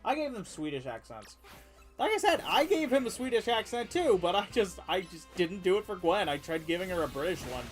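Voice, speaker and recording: Brief: animated, rambling streamer over soft music, laughs mid-sentence. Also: mid-range voice, fairly quick. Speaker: game streamer. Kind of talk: casual gameplay chat.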